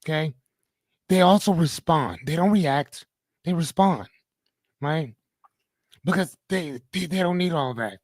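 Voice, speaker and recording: A man's voice: on the high side, a little slow, long pauses, a little mellow, no echo. A middle-aged man hosting a live motivational podcast, talking straight to his audience in a blunt, preachy way with casual swearing. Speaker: podcast host.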